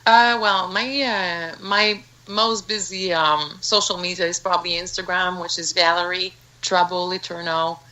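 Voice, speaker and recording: A woman's voice: lowish voice, steady tone, a little slow, hardly any pauses, bright, forceful tone, poor audio. A woman in her thirties from Canada, with a Canadian accent, speaking earnestly as a guest on an interview podcast and often restarting her sentences. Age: 30s. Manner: earnest, frequent restarts and repeated words. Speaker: guest fighter. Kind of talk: casual interview talk.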